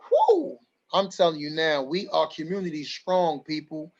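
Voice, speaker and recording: A man's voice: fairly high pitch, very animated, unhurried, dull audio. A man hosting an online community forum, talking emphatically and repeating his lines for stress. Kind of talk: livestream community address.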